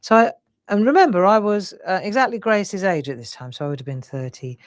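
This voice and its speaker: Animated and a little fast, this mid-range female voice comes through dry. She's an English craft demonstrator in her sixties with a hint of Cockney, chatting warmly as she draws live and frequently saying "look" and "lovely."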